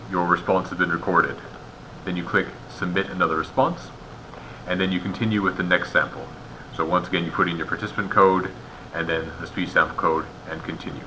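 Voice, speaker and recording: An instructor guiding raters gives a careful step-by-step walkthrough, posing rhetorical questions as he explains each point. His low-pitched voice has a sharp tone, and the rough recording carries slight background noise.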